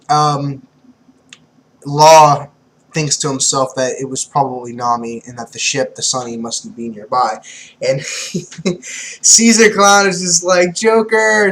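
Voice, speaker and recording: A young man giving casual, excitable manga commentary, swearing freely and laughing often. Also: medium pitch, poor audio. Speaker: manga reviewer.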